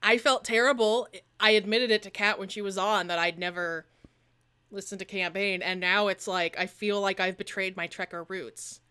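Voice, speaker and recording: Bright-voiced animated young woman podcaster. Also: medium pitch, normal speed, clean tone. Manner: animated, jokey, laughs often. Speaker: podcast co-host. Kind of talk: casual chat.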